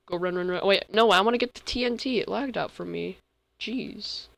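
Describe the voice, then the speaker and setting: A teenage boy giving casual, excitable commentary while playing a game, yelping often, his voice cracking when he yells. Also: high voice, fairly quick, creaky, a little hiss or hum. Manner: excitable, yelps and frequent voice cracks. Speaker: gamer.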